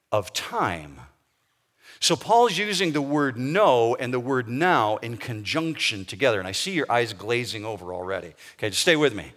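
A male pastor preaching a sermon, emphatic, slowing down to stress key words. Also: mid-range voice, pushed and bright. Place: church sanctuary. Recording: long reverb of a large hall.

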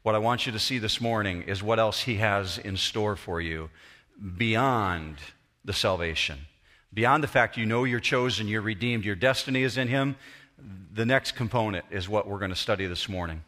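A man's voice: on the low side, normal speed, bright, forceful tone. A man preaching a sermon in a church auditorium, praying earnestly and explaining scripture in an explanatory, storytelling way. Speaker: pastor. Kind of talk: sermon with prayer.

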